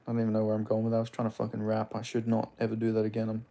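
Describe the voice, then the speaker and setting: A man's voice: fairly low pitch, completely flat delivery, rapid-fire, hardly any pauses, mellow. A man from Perth with an Australian accent, hosting a live stream in a rambling, crude, casual way while greeting chatters by name. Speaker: livestream host.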